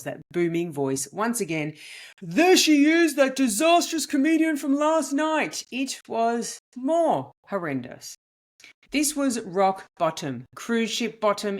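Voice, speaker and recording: A woman, a comedian and podcast host, telling a story in an animated, emphatic monologue with big swings in her voice. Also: low voice.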